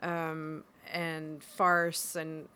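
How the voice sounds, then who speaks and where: An American woman talks casually as an interview guest, her voice a little low for a woman. She laughs often and fills her pauses with ums. Her tone stays easy and chatty. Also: completely flat delivery, sharp tone, clean tone. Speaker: actress, guest.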